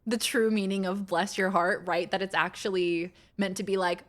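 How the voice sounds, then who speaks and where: A woman's voice: medium pitch, fairly even intonation, moderate pace, few pauses. A young adult woman streaming a game, chatting casually with viewers, thinking aloud, laughing often and swearing now and then. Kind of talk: casual live-stream chat while gaming.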